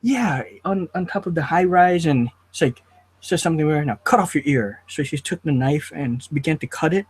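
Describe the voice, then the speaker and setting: A man hosting a casual review chat, talking in an animated, riled-up way. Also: fairly high pitch, normal speed, husky. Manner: animated, riled up, quotes lines in put-on voices. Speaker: host.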